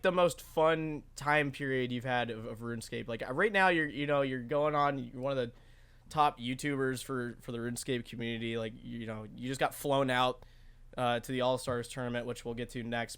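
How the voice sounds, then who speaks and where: A man's voice: medium pitch, fairly bright tone, smooth. A young man hosting a podcast, chatty, full of fillers, who laughs easily. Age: young adult. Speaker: podcast host. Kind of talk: casual podcast interview.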